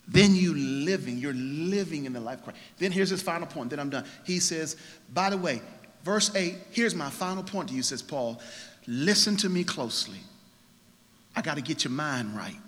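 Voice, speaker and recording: A man preaching a sermon as pastor, emphatic, swinging between quiet and loud. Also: fairly high pitch, long reverb tail.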